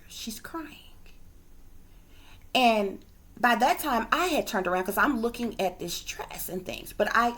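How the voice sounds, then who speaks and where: A woman, a psychic reader, telling a long story to her viewers in a rambling, emphatic way, swearing freely and sometimes dropping to a hushed whisper. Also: mid-range voice. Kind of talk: casual storytelling monologue to viewers.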